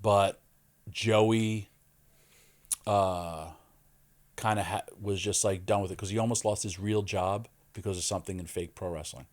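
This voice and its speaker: A man's voice: fairly low pitch, measured pace. A man, a wrestler guest on a podcast, telling stories in casual chat and acting out the lines of the people in them. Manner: animated storyteller, acts out quoted lines. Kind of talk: casual interview storytelling.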